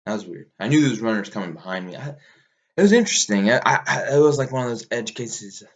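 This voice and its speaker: A man's voice: medium pitch, animated, fast. A man casually recapping a long mountain race, rambling, swearing easily and laughing at himself. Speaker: ultramarathon runner recounting a race.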